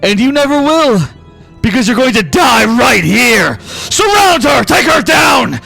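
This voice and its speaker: A man's voice: mid-range voice, takes it slowly, darkish tone, faint music behind, pitched below the performer's own voice, natural voice. A man voicing a scheming vampire leader who taunts with a smirk and barks orders to his underlings. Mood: commanding. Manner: silky and smirking, then barking orders. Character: scheming male vampire leader, smug and cruel.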